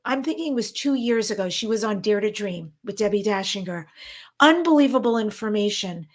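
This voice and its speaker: A woman's voice: on the high side, fairly bright tone. A middle-aged woman from New York with a New York accent, co-hosting an online summit in an effusive, gushing way. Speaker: co-host.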